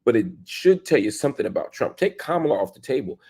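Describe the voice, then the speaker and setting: A man's voice: sing-song, fast talker, creaky, mellow, husky. A man hosting an opinion commentary show, arguing emphatically with rhetorical questions and casual slang. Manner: emphatic, rhetorical questions, pitch jumps for stress.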